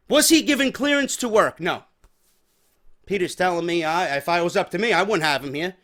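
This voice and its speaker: High-pitched and a bit bright, this New Yorker talks animatedly and fairly quickly. As a podcast host, he rants through a story, heated, exasperated, and swearing.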